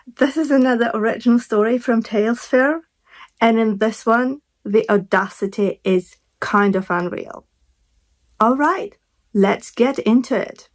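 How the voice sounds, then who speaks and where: A woman's voice: fairly high pitch, unhurried. A woman host giving a brief, upbeat, chatty introduction to a story. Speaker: channel host.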